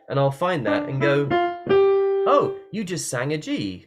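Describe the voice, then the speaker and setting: This singing teacher's voice is a little high and swings widely in pitch, with soft music playing in the background. He talks casually at his computer during an online workshop, breaking into quick sung and yelled demonstrations.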